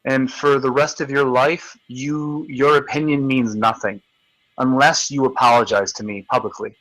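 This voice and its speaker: A man's voice: mid-range voice, fairly bright tone, no room sound, low-quality recording. A man hosting a live video chat, ranting in a combative, profane, taunting way. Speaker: livestream host.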